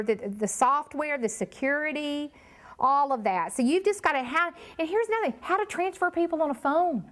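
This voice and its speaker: A woman leading a live training workshop, talking emphatically and addressing the room directly. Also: high-pitched.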